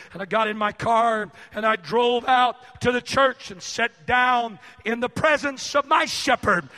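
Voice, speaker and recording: A man preaching a sermon, impassioned and climbing into shouts, with frequent "uh" pauses. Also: very high voice. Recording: echoey hall reverb.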